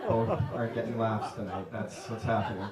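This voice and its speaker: A man's voice: lowish voice, level tone, moderate pace. A man from Canada doing a live stand-up set, self-deprecating and chatting with the crowd. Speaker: stand-up comedian. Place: comedy pub stage in London. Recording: roomy club sound from far off, audience around. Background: audience laughing.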